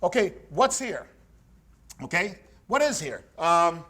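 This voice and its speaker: A man teaching personal trainers about growing their business, blunt and animated, acting out little dialogues with clients. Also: on the high side, unhurried, breathy edge. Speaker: fitness educator. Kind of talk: lively business coaching talk.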